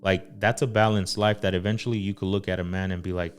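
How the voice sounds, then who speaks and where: A man, a husband and father, hosting a casual faith-based podcast and speaking earnestly, with many ums and pauses. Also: low-pitched, flat delivery, faint music behind. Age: adult father. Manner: earnest, full of fillers and pauses. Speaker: podcast host.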